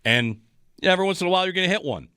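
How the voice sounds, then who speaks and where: A man's voice: sits high, expressive, very fast, bright, forceful tone, smooth, no echo, studio quality. A man hosting a sports talk radio show, analyzing the game in a rambling, frustrated way with frequent restarts.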